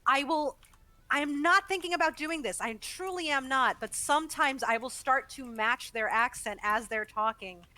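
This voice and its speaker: A woman's voice: high voice, normal speed, pushed and bright, no echo, poor audio. A woman voice actor chatting casually as a guest, talking in long flowing explanations and laughing often. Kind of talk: casual interview chat while gaming. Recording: faint background noise.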